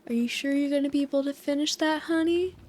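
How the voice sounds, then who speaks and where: Brief: a woman doing a sweet Southern waitress, middle-aged, higher and quicker than her own voice, drawling. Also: a little mellow, slight background noise, natural voice. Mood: doubtful.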